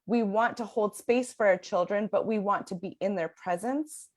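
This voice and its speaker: A young adult woman talks in a podcast conversation, voice sitting in a middle pitch. She speaks earnestly in long flowing sentences, often breaking into laughter. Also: normal speed. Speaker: parenting sleep coach guest.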